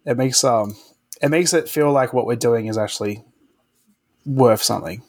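With a medium pitch, moderate pace, and darkish tone, this male podcast host rambles through casual chat packed with fillers.

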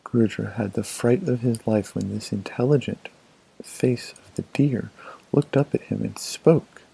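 A man narrating a folk tale in a measured, expressive storybook manner. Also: mid-range voice, creaky, slightly rough, rough recording.

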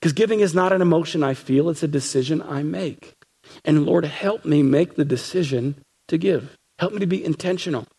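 A man's voice: on the high side, moderate pace, mellow, slightly rough. A man preaching a sermon as pastor, emphatic, repeating phrases and acting out what people say. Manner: emphatic, repeats phrases, acts out quoted voices.

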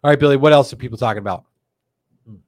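Man, live-stream host, chatty, animated, dry close mic. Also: medium pitch, no room sound. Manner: chatty, animated, fast and slow in turns. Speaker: show host. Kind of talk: live-stream chat, reading viewer comments.

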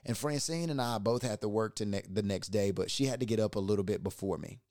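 Guy podcast host telling a story from his life, kinda low voice, smooth and clear, dry close sound, gets worked up and repeats himself. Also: fast talker, no echo. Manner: lively retelling, repeats words when excited. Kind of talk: personal storytelling.

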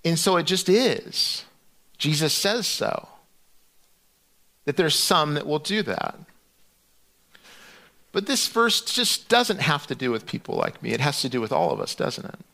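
A middle-aged man preaching a sermon in a conversational, animated storytelling way, often restarting his sentences. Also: a little high, unhurried, creaky, pauses often. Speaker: pastor.

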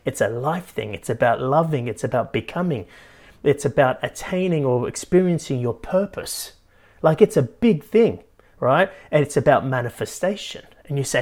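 Speaking at a moderate pace in a medium pitch, a life coach animatedly hosts his motivational podcast, repeatedly ending points with "right?".

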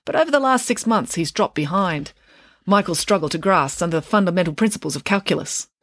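A woman's voice: on the low side, animated, brisk, no room sound, clean studio sound. A woman voicing a fussy, ambitious schoolgirl in a storybook reading, speaking in a prim, emphatic way. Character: ambitious schoolgirl, fussy top maths student.

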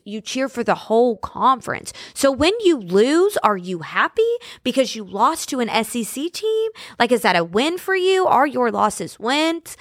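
A woman's voice: medium pitch, a bit bright, no echo. Young woman podcast host going off, sassy and ranty, lots of likes and ums, dry close sound. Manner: sassy, ranting, full of "like" and "um". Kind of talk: solo podcast rant.

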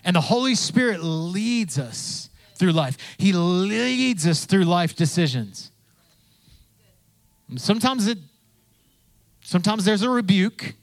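A man preaching in an easy, conversational style, his voice sitting a little high for a man. He repeats his phrases as he goes and slips into the voices of the people he quotes. The sound is dry and close to the mic. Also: lively intonation, slow pace, no room sound. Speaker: pastor. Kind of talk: sermon.

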